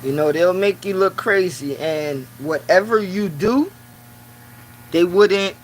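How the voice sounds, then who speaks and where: Man, fairly high voice, casual live stream chat, lots of "you know", faint hum behind. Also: slow, poor audio. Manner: talks in loose run-on phrases, many "you know" fillers; grows loud and preaching when riled. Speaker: livestreamer. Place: small office room at work.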